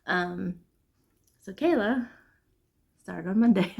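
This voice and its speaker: A woman hosting a casual knitting vlog, chatting and venting in an animated, chatty way. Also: medium pitch, takes it slowly, vocal fry, pauses often, breathy edge. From Midwest United States. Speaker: knitting podcast host. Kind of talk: casual chat.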